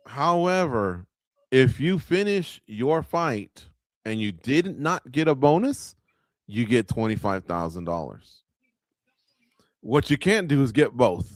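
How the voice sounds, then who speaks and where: This radio show host has a lowish voice and runs a live watch-along of fight night. He breaks down the action casually and speaks straight to the audience, dropping in lots of filler words. The audio is studio quality with no room sound.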